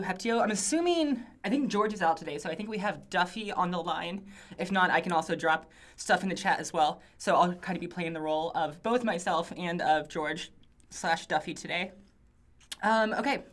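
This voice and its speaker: A woman's voice: on the low side, fairly bright tone. A woman hosting a casual live stream from a small office studio, reading out viewer greetings in an upbeat, rambling way with lots of fillers. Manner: chatty and upbeat, rambling asides with frequent fillers. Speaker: livestream host.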